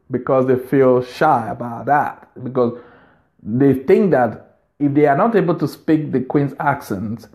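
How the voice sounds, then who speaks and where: A man's voice: medium pitch, darkish tone. A man hosting a video, giving business advice in an unscripted monologue, earnest and repeating phrases for emphasis.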